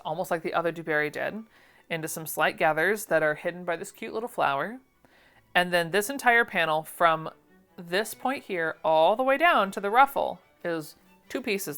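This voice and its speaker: A woman's voice: fairly low pitch, fairly bright tone. A woman chatting casually through an unboxing, gushing and often trailing off mid-phrase. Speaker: vintage sewing pattern collector.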